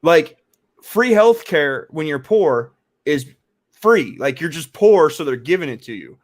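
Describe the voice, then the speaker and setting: A man's voice: fairly high pitch, big pitch swings, a little slow. A man in a casual podcast debate, insistent, repeating words and saying "like" often. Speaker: podcast panelist.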